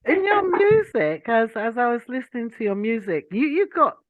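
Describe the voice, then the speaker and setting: A woman hosting a casual interview, enthusiastic and quick to laugh. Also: a little high, very animated. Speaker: podcast host. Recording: dry phone-like call audio.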